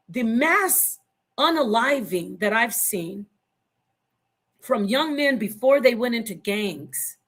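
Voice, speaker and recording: A woman in her fifties from Phoenix, Arizona, speaking as a panelist in an online forum. She argues heatedly and confrontationally, swears freely, and rambles, repeating and restarting her phrases. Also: on the high side. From Phoenix, Arizona, USA. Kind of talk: heated opinion talk.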